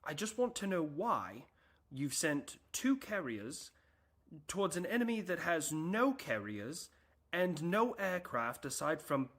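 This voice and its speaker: A man voicing a prim, polite male diplomat nation who speaks softly and hesitantly. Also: fairly high pitch, big pitch swings, slow, heavily acted. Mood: fussy.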